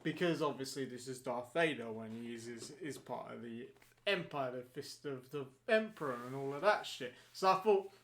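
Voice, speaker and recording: A man's voice: mid-range voice, lively intonation, normal speed, fairly bright tone, a little hiss or hum. A man co-hosting a podcast in casual chat, enthusiastic, laughing often and swearing casually. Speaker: podcast co-host.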